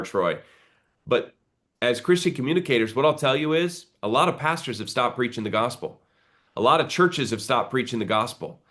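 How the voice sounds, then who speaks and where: A man's voice: medium pitch, a bit bright. A man who is a pastor, speaking earnestly on a live video call and building to a preacher's exhortation.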